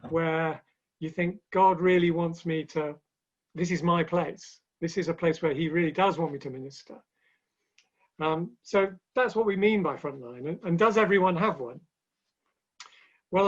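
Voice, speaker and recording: A man speaking as a guest in a webinar conversation, telling stories with light humor in a chatty way. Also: high-pitched. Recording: dull lo-fi online call audio.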